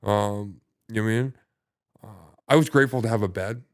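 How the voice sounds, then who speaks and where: A man with a somewhat low voice talks casually as a podcast guest. He swears often and circles back through fillers and false starts. The sound is dry and close. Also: no room sound. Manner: halting, profane, many restarts and fillers. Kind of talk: casual conversation.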